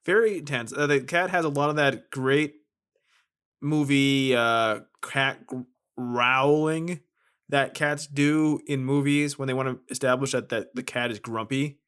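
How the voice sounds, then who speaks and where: A man's voice: medium pitch, steady tone, moderate pace, a bit bright, clean tone. Man making dry jokey asides. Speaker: podcast co-host. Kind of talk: casual chat.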